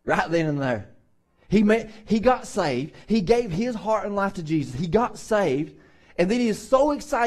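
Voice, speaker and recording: A pastor delivering a sermon, his voice sitting a little higher than most men's. He talks to the congregation casually and acts out the people in the stories with quoted voices. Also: big pitch swings, a little slow, darkish tone.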